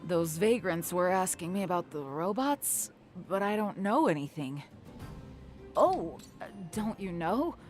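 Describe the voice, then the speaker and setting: A woman's voice: on the low side, lively intonation, a little slow, faint music behind. An actress playing a shaken, injured young woman miner in a video game, flustered and stammering.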